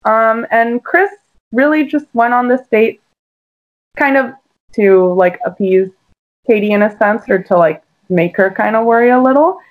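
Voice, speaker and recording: A woman's voice: fairly high pitch, measured pace, rough recording. A woman co-hosting a casual podcast, chatty and full of "like" and "um". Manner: chatty, lots of "like" and "um". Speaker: podcast co-host. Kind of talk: casual chat.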